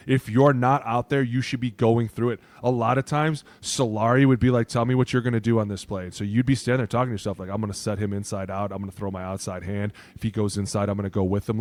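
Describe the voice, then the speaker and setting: A man's voice: mid-range voice, a little mellow, dry recording. A man co-hosting a casual sports podcast, a former offensive lineman who talks bluntly, swears freely and acts out what coaches say.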